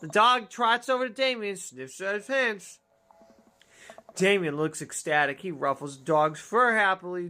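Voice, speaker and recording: A young woman gaming streamer reads a dating game aloud, giving goofy, joking commentary full of swearing in a casual let's-play. Her medium-pitched voice is animated and sharp in tone, and she doesn't hurry.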